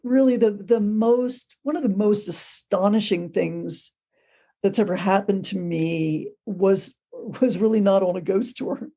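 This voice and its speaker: A woman on a podcast recounts a ghost story in a relaxed, conversational way. Her tone is mellow and warm, and she brings the tale to life by acting out the people in it. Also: mid-range voice, unhurried. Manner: animated, acts out quoted voices. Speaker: podcast guest, ghost tour guide. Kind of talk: casual storytelling.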